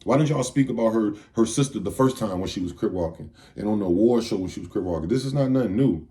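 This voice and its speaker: A man's voice: lowish voice, fast, mellow. A man giving a heated, profane commentary rant, firing off rhetorical questions. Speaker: video commentator.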